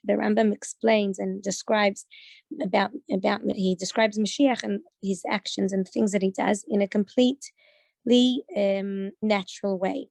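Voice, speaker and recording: A woman with an Israeli accent, a participant in an online class, reading Hebrew quickly and then explaining it hesitantly in English. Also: medium pitch, fairly even intonation, vocal fry, darkish tone, no room sound.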